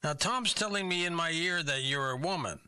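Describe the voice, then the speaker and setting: Man, game show host, very bright tone, slightly high pitch, probing questions, puzzled reactions. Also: normal speed, smooth. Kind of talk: comic radio game show hosting.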